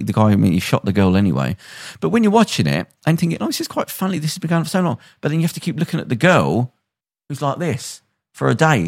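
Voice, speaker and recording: A man hosting a podcast, retelling a story in a lively, casual way and acting out the quotes. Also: low voice, no echo, clean studio sound. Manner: animated retelling with acted-out quotes. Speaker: podcast host.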